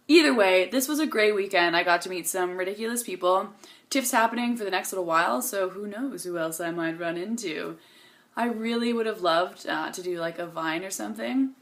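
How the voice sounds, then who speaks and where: A woman's voice: medium pitch, fairly bright tone. A young woman vlogging to camera in a bubbly, gushing, chatty way, tired and coming down with a cold. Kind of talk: casual chat to camera.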